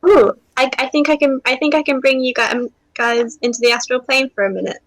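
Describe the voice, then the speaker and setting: A woman's voice: high-pitched, brisk, dry recording, poor audio. A woman playing a tabletop game, speaking in a wry, playful way as her character. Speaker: player.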